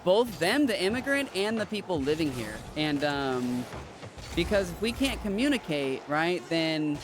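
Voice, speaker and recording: A man's voice: fairly high pitch, very animated, a little slow, music in the background. A man ranting in casual chat as a podcast host while playing a game, rambling and emphatic, with restarts and swearing.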